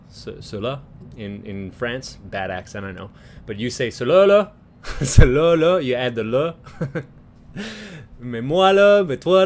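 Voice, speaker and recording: A man from Newfoundland with a light townie accent, hosting a livestream, chatting casually, laughing often and restarting his sentences. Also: mid-range voice. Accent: light St. John's Newfoundland. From Newfoundland, Canada. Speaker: livestream host. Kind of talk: casual chat reacting to viewers.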